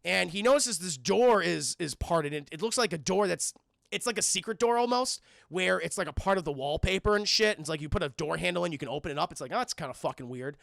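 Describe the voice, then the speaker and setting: Male streamer, animated and profane, high voice, bright and gravelly, dry close mic. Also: fast talker, no echo. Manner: animated, profane, keeps addressing chat. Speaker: streamer film reviewer. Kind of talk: casual scene-by-scene film recap to live chat.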